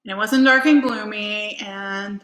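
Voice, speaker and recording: A woman's voice: medium pitch, fairly even intonation, unhurried, a bit bright. A woman host talking casually and animatedly, telling personal stories with lots of fillers. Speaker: podcast host. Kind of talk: casual motivational monologue. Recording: echoey room.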